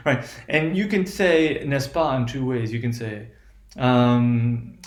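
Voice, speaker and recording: A man's voice: mid-range voice, steady tone, slow pace, roomy sound. A man teaching a lesson on English intonation, hesitant, with many restarts and "right?" checks.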